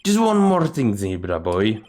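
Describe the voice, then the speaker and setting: Cocky, swaggering lawyer, teasing drawl, pitch jumping around, voiced by a man. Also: wildly swooping pitch, measured pace, darkish tone, soft background music. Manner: teasing, laid-back swagger.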